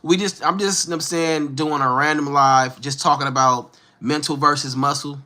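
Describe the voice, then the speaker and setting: A livestream host in his thirties from Northern California, with the local accent, talks to viewers in a laid-back, slangy way, answering them directly. His bright, forceful voice sits a little high for a man, with fairly even intonation at a moderate pace.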